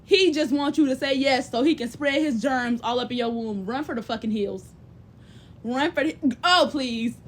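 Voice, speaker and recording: A young woman with a high, bright-sounding voice talks straight to her viewers like a big sister, blunt and full of cussing. She is animated and slips into quick impressions of other people. A faint hum sits under her voice. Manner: blunt, profane, sisterly advice-giving. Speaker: livestream host. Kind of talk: casual chat.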